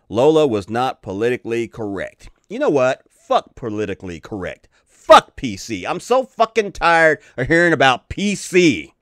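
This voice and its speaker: A middle-aged man hosting his own channel rants angrily in a profane commentary, cursing a lot. His medium-pitched voice is fairly bright, captured in a clean studio recording with no room sound.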